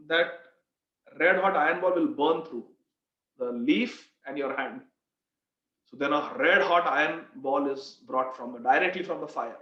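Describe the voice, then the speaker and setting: A man preaching, retelling a devotional story with animated storytelling and frequent restarts. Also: a little high, normal speed. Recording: roomy, muffled recording.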